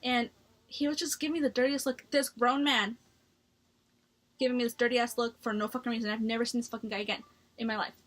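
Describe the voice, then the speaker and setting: A woman's voice: on the high side, level tone, fast. A young woman chatting through a personal story for her vlog, blunt and full of swearing. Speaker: vlogger.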